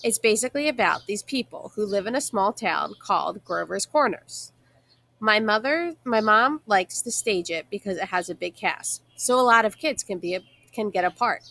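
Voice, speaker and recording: A woman reading a children's novel aloud in a steady narrating manner, with casual asides between chapters. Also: mid-range voice, moderate pace, creaky.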